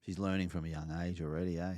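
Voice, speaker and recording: A man's voice: low-pitched, level tone, quick pace, mellow, no echo, clean studio sound. A man co-hosting a podcast, laid-back in casual chat, prompting his friend with short questions. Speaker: podcast co-host.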